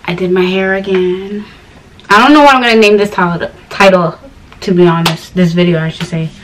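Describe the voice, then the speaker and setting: A woman's voice: lowish voice, fairly quick. Young woman vlogger from Ghana, rambly chatty storyteller, slightly distant mic. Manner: chatty, rambling storytelling with animated quoted voices. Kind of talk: casual chat to camera.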